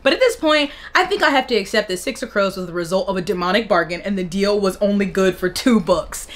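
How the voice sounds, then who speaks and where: A woman's voice: medium pitch, moderate pace. A young woman book vlogger reading out bad reviews and reacting with sarcastic, laughing commentary. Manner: sarcastic, animated, laughs between lines.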